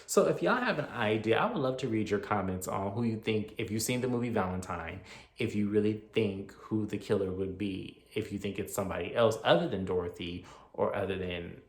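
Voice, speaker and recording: A man giving a casual movie review, retelling the plot in an animated, opinionated, slangy way. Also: on the low side, brisk. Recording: roomy echo.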